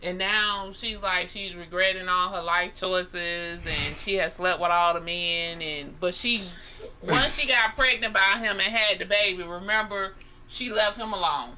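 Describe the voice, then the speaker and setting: A woman co-hosting a casual talk radio show, animated and talking over the others with mild swearing. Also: on the low side, measured pace, slight background noise. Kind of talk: casual chat.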